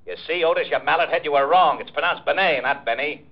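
An actor playing a gruff, impatient male police lieutenant who talks brusquely, in 1940s radio acting. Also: on the high side, fast talker, natural voice. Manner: brusque, scolding. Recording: dull old 1940s radio recording.

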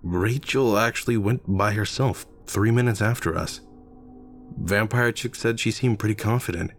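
A man as a brisk, caring young man. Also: on the low side, soft background music, natural voice. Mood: steady.

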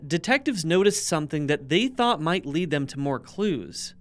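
A man co-hosts a true-crime podcast, trading easy remarks and reading through the case. His voice sits a little high and sounds smooth and clear. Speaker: podcast co-host. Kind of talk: casual true-crime podcast chat and narration.

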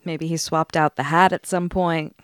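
A woman's voice: low voice, fairly even intonation, normal speed, clear, resonant tone, no echo. A woman co-hosting a podcast, reacting with short, dry, wry quips. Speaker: podcast co-host. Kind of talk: casual podcast chat.

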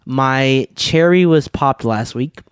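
A man's voice: medium pitch, slow pace, clear, resonant tone. A young man co-hosting a podcast, chatting casually and teasing his co-host in a laid-back way. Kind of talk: casual chat.

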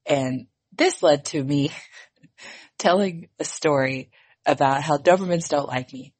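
A woman co-hosting a casual podcast while she is losing her voice. She sounds hoarse and raspy, low and husky, yet stays chatty and laughs often. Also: measured pace, a little mellow. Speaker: podcast co-host. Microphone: remote recording.

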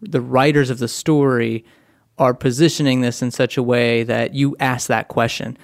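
A man's voice: medium pitch, steady tone, normal speed, gravelly, dry recording, studio quality. A man co-hosting a podcast, thoughtfully building on his partner's points in casual discussion. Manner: thoughtful, adds to the other host's points. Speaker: podcast co-host.

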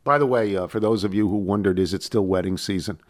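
A man's voice: lowish voice, fast. An older man hosting a podcast, chatting casually and acting out the people in his stories. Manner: animated, acts out voices in anecdotes. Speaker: podcast host. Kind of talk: casual chat, storytelling.

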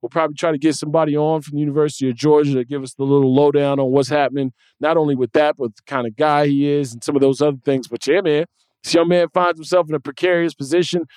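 A man hosting a sports podcast, talking in a casual, animated way with emphatic restarts. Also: a little high, fast, clear, resonant tone, no echo. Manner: animated, emphatic, repeats words when he restarts. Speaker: podcast host.

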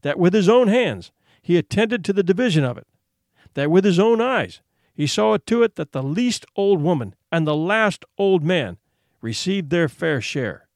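Storybook boy hunter, proud and solemn as a male narrator reads him, in a lively, fairly high voice, dry close sound. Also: normal speed, no room sound. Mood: solemn defiant. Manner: formal old-fashioned solemn speech.

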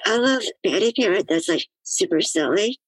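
A woman guest chats on a podcast in a thoughtful, musing way. Her pitch moves a lot as she works through ideas. The sound is close and dry. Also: expressive, moderate pace, husky, dry recording, poor audio. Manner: thoughtful, musing, with many "you know" fillers. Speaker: guest, disability activist. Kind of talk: casual podcast chat.

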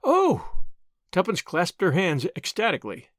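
A man narrating an audiobook in a clear, expressive storytelling manner. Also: on the high side, brisk, no echo, clean studio sound. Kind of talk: scripted narration.

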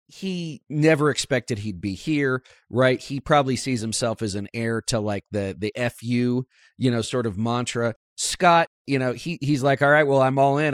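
A man's voice: medium pitch, no echo. A man with a mid-range voice hosts a casual political talk show. He speaks wryly and conversationally, tossing in quoted asides, and the sound is very dry and close with no room to it. The talk flows like an easy chat between colleagues. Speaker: podcast host.

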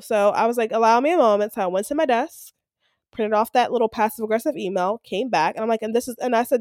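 Female podcast co-host, casual storyteller, slightly high voice, dry close sound. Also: fast, no echo. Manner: animated, acts out quoted coworkers.

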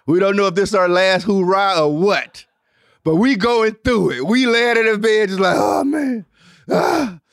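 A young adult man hosts his show with a loose, profane monologue, acting out every character with sudden swoops up in pitch. His voice sits a little high for a man, and the recording is close and dry. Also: no room sound. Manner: animated, profane, acts out voices with big pitch jumps. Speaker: host. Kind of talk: storytelling monologue.

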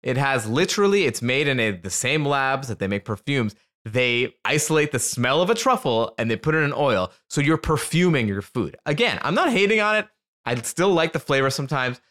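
Hosting a casual chat, a man tells a funny story packed with swearing, putting on high voices to play his friends. He is very animated, with a fairly quick pace and a fairly bright tone.

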